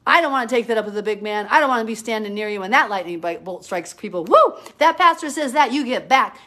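A woman's voice: a little high, a bit bright. Fervent woman teaching the Bible live. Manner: fervent, emphatic, argumentative. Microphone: phone or webcam, live stream.

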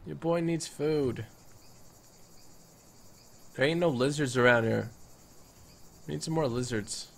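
A man giving playful let's-play commentary on a survival game, excitable and bursting into loud yelling at the game. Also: mid-range voice, slow pace, vocal fry, long pauses, slight background noise. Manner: playful, jokey. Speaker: gaming YouTuber.

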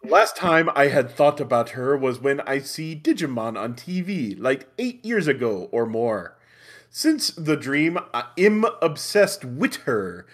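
A man's voice: mid-range voice, big pitch swings, a little slow. A man reading a clumsy fan story aloud for laughs, stumbling over the wording and cracking up. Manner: stumbles over awkward phrasing, breaks into laughter. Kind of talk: comedic dramatic reading.

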